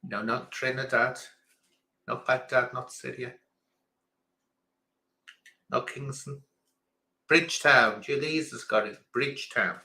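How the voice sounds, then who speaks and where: A man's voice: mid-range voice, steady tone, slow pace, creaky, long pauses, bright, forceful tone. A man hosting a quiz on a livestream in casual chat, theatrical and grand in a self-mocking way, calling his listeners darling. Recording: echoey room.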